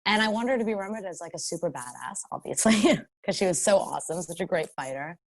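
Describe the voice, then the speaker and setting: A woman guest in an interview, her voice sitting a bit low for a woman. She talks in a reflective, earnest way, circling back and restarting as she thinks. The sound is close and dry. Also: lively intonation, fast talker, no room sound. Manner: reflective, earnest, with frequent "you know" and restarts. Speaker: voice actor guest. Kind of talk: casual interview.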